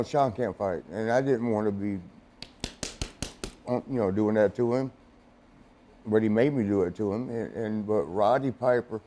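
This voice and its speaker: This is a middle-aged man with a warm, relaxed timbre, recounting backstage tales in a studio interview. He rambles and restarts, curses casually, and laughs often. When he quotes others, he acts out their voices. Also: fairly low pitch. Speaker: interview guest, former wrestler.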